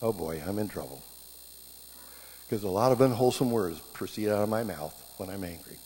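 A middle-aged man preaching a sermon, telling stories in a lively way and jumping up in pitch when he acts out scenes. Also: brisk. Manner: animated storytelling, voice jumping up in reenactments. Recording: hall reverb with faint background hum.

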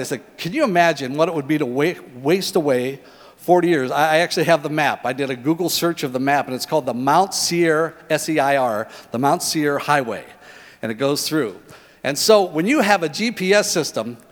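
A middle-aged man preaching a sermon in a lively, conversational way, asking his listeners questions. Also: on the high side, in a large hall. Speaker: pastor.

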